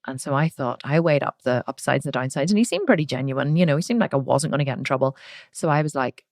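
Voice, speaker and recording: A middle-aged woman, hosting a podcast and telling a personal story in a frank, animated way with casual swearing. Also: low-pitched, fast talker, no room sound, clean studio sound. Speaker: podcast host. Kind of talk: candid personal storytelling monologue.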